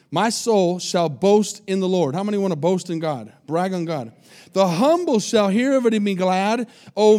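A man preaching a sermon as pastor, reading scripture aloud and repeating phrases, swinging between quiet and loud. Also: high-pitched.

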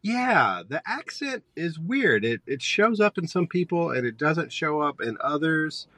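A man in his thirties, a high school teacher, guest on a podcast, talking casually and opinionated, drifting onto tangents. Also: big pitch swings, a little slow, bright, forceful tone, no echo. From Georgia, US. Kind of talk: casual conversation.

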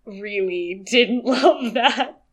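Casting: woman, podcast co-host, chatty and animated, playful voice impressions. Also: fairly high pitch, very slow. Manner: animated, mimics voices with laughs. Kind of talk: casual chat.

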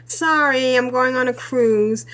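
Woman podcast host, high pitched, giggly and talkative. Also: measured pace, a bit bright. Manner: chatty, laughs often. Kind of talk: casual chat.

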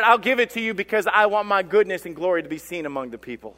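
A pastor delivers his sermon in a high, bright voice that rings through a church with a long reverb tail. He swings between loud declarations and quieter, low asides. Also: expressive, fast talker, hardly any pauses. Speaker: lead pastor. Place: church sanctuary.

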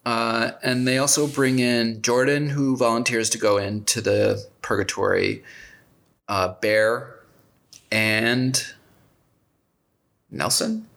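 A man's voice: medium pitch, fairly even intonation, slow, vocal fry, pauses often, fairly bright tone. A man co-hosting a casual chat, recapping a show in a rambling, wry way and often correcting himself. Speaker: podcast co-host.

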